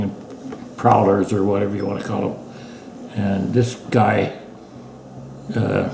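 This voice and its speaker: A man's voice: lowish voice, vocal fry, dark tone. A man, telling old family stories in a folksy, meandering way. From British Columbia, Canada. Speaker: family elder recalling the past. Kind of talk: rambling oral history storytelling. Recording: echoey room with faint hiss.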